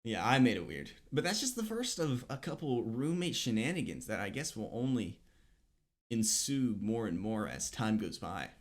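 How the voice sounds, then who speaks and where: Young male co-host, lively pitch, laughing storyteller, casual podcast chat. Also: moderate pace. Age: young adult. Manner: laughing, animated storytelling with mimicked voices. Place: apartment room.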